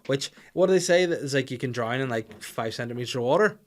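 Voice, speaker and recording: A man's voice: medium pitch, expressive, fast. A man, a comedian hosting a podcast, telling a rambling, sweary comic story.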